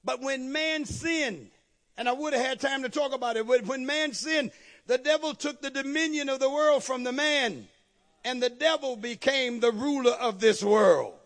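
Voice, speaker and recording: Very high-voiced male preacher. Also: a bit bright. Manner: call-and-response preaching, repeats phrases for emphasis. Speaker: pastor. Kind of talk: sermon.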